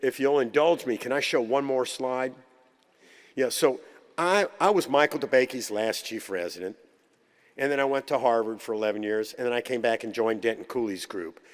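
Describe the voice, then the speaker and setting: A man giving a conference keynote, with humorous, anecdotal storytelling. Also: on the low side. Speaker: keynote speaker. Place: conference hall. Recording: long hall reverb.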